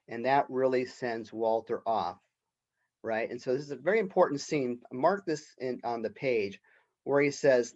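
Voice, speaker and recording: A man lecturing a college class in a relaxed, conversational manner, often tagging his points with a quick "right?". His voice sits in a middle pitch. The recording is dull and lo-fi. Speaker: college literature professor.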